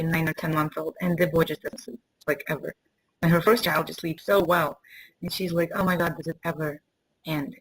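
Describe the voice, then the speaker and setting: Earnest lower-voiced woman host. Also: a little hiss or hum, low-quality recording. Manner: earnest, emotional, laughs between sentences. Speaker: summit host. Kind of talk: casual interview chat.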